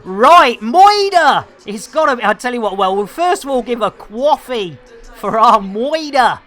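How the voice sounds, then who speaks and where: A man chatting while streaming a game, rambling and joking with slang, giving lively shout-outs to his viewers. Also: extremely high pitch, moderate pace, soft background music. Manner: chatty, jokey, rambling, full of British slang. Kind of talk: live-stream game commentary.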